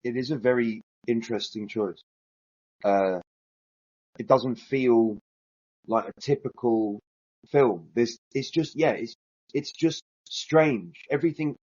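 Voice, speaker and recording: A man hosts a casual film podcast, steering the talk and reading his notes aloud. His voice is mid-pitched with a husky edge. The sound is a little muffled and lo-fi. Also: slow pace, long pauses, darkish tone. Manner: leads the talk, reads from notes. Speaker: podcast host.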